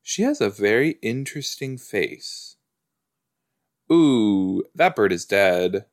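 A man's voice: fairly low pitch, big pitch swings, slow. A man hosting a podcast, chatting casually while watching a TV episode, rambling with lots of "like" and "you know". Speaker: podcast host. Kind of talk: casual watch-along commentary.

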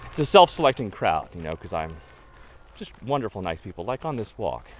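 A man's voice: on the low side, very animated, fairly quick. A man, a photographer who leads photo walks, telling chatty, rambling anecdotes with many fillers in a casual interview.

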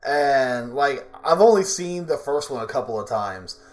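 A man co-hosting a casual podcast, jumping in eagerly with excited remarks. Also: mid-range voice, unhurried. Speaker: podcast co-host. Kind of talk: casual chat.

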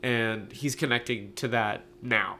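A man's voice: mid-range voice, measured pace. A man with a stuffed-up nose, co-hosting a casual podcast chat about an anime. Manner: relaxed, laughing, says bro. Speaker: podcast co-host.

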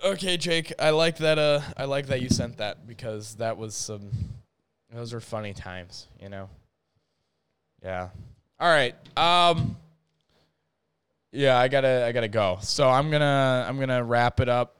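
A man's voice: medium pitch, animated, measured pace, fairly bright tone, clean tone, no echo. A young man from North Dakota, rambling through a profane, casual story on his own show, full of fillers and restarts. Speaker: podcast host.

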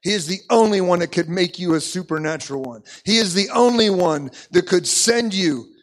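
Animated high-voiced male preacher. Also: moderate pace. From United States. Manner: animated, repeats words, frequent "okay?". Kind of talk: sermon storytelling.

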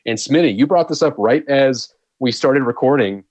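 A man's voice: mid-range voice, moderate pace, no room sound. A man co-hosting a podcast, chatting casually about college football and often breaking into laughter and disbelief. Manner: animated, laughing, exclaims in disbelief. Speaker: podcast co-host. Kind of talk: casual sports chat. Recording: dull, slightly lo-fi dry sound.

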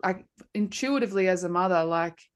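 A woman's voice: on the low side, fairly quick. A woman in her thirties, a podcast host, tells a personal story in casual talk with lots of fillers. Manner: animated storytelling, many fillers. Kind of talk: casual conversation.

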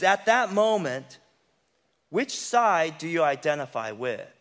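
Male pastor, sermon, high voice, joking and conversational, echoey hall. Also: fairly bright tone. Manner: conversational and humorous, acts out inner voices.

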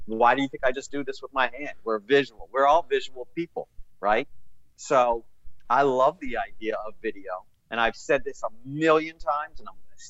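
A man with a nasal Northeastern US accent, co-hosting a casual podcast in an emphatic, playful, animated way. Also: mid-range voice, moderate pace, highs cut off. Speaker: podcast co-host.

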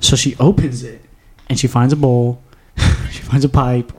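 A man's voice: mid-range voice, level tone, unhurried, darkish tone, husky. A young man hosting a podcast, telling a long story in a rambling, profane, casual way with frequent laughs. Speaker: podcast host. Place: small home studio.

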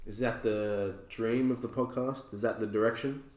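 A man's voice: fairly low pitch, fairly even intonation, moderate pace, roomy sound, noisy background. A man as a podcast guest, cheeky with crude jokes in casual banter.

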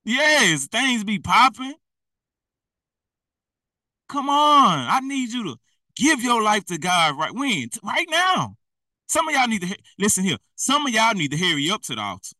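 A man's voice: high voice, very animated, a little slow, bright, forceful tone, dry recording, far from the mic, rough recording. A man preaching in a blunt, slangy, exhorting way, often laughing at himself. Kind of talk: fiery street-style preaching.

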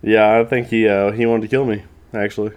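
Smooth-voiced deadpan man. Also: fairly low pitch, brisk. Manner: deadpan joker. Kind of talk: casual podcast chat.

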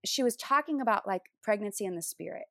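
A woman's voice: mid-range voice, animated, fast talker, vocal fry, no room sound, studio quality. A woman in her thirties, a worship leader, telling a personal testimony in an interview, earnestly acting out remembered dialogue.

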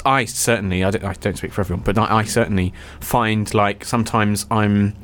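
A young man co-hosting a podcast, chatting casually in a reflective, animated way. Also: lowish voice. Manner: animated, reflective, quick agreeing. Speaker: podcast co-host. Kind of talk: casual chat.

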